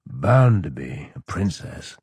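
Man doing a drunk Roman general, slurring, loud, crude, husky voice, dry sound. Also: a bass voice, sing-song, slow pace, no room sound, full character voice. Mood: drunken. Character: drunken boorish male Roman general, leering.

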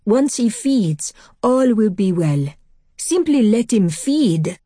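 A man's voice: sits high, very animated, slow pace, warm tone, no room sound, clean studio sound, voice pushed up, heavily acted. A woman voicing an elegant, composed male vampire in a storybook reading, with formal, old-fashioned phrasing. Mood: urgent warning.

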